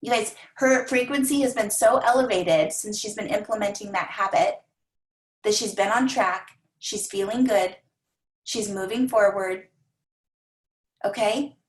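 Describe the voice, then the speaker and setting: A woman coaching a team of coaches in an energetic, repetitive manner, often acting out the voices of clients. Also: mid-range voice, unhurried, roomy sound, rough recording. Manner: energetic, repeats phrases, acts out clients' voices.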